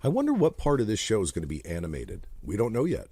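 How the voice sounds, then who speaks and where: A man's voice: on the low side, wildly swooping pitch, fast talker, warm tone, slightly rough. A man from New Jersey co-hosting a podcast in casual chat, joking and swearing freely. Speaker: podcast co-host.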